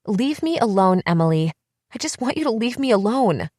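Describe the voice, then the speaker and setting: A woman reading the part of a distraught young woman who shouts tearful accusations at her sister in an audiobook. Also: medium pitch, big pitch swings, moderate pace, no echo, studio quality, pitched above the performer's own voice. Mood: tearful, accusing.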